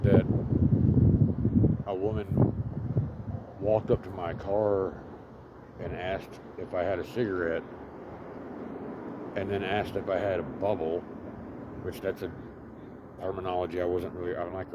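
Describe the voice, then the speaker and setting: Male vlogger, lowish voice, rambling and profane storyteller, outdoor take with loud traffic noise. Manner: profane, rambling, full of fillers. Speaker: vlogger living homeless.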